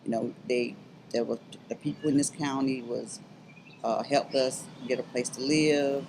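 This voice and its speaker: A middle-aged woman gives a personal testimony in an interview. She speaks earnestly and haltingly, with many restarts, then builds to fervent urging. A faint hiss sits beneath her voice. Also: very deep voice, steady tone, darkish tone, poor audio. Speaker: interview guest, abuse survivor.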